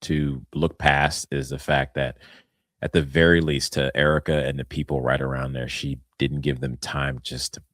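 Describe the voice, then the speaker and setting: A man's voice: a bass voice, flat delivery, moderate pace, a bit bright, no echo, clean studio sound. A man hosting a casual political chat, earnest, with frequent laughs and short agreeing interjections. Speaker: host.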